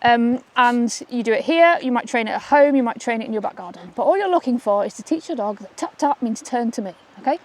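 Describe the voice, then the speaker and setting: A chatty woman with a fairly high voice teaches dog training while out on a walk. She talks upbeat and keeps checking in with "okay?", recorded outdoors on a camera she holds. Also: animated, a little fast, few pauses, a little mellow. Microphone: camera she holds while walking.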